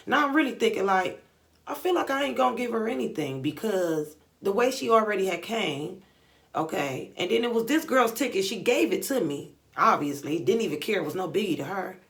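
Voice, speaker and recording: A young woman vlogger telling a story in casual, animated, slangy chat, acting out the dialogue. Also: mid-range voice, a little fast, vocal fry. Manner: animated, slangy retelling with lots of quoted dialogue. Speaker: beauty vlogger.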